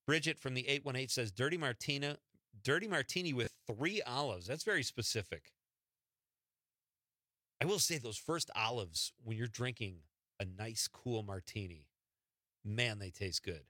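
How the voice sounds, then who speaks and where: A man's voice: mid-range voice, animated, moderate pace, sharp tone, no echo, clean studio sound. A man hosting a late-night radio show, chatting easily and laughing often as he reads listener texts. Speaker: radio host. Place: radio studio.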